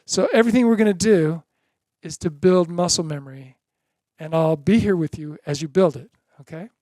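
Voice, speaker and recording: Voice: mid-range voice, normal speed, warm tone, dry recording, clean studio sound. A drum teacher giving a beginner lesson in an encouraging way, chanting drum syllables in rhythm.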